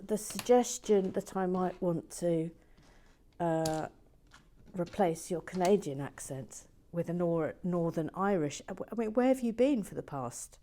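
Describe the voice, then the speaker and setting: A British woman chatting playfully in a soft, often half-whispered voice as she builds in a chilly garden shed. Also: on the low side. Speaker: video host building toy bricks. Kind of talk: relaxed build-along chat.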